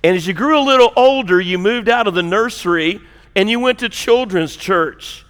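Smooth-voiced pastor preaching in a reverberant hall. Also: male voice, high voice, moderate pace, a bit bright. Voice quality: joking, conversational preaching with rising emphasis. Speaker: lead pastor. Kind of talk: sermon. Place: church auditorium.

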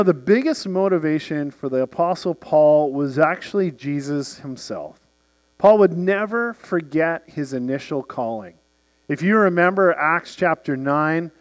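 A man in his forties, a pastor, preaching a sermon and telling lively stories with acted-out voices. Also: on the high side. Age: 40s. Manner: storytelling, acts out characters in the anecdote.

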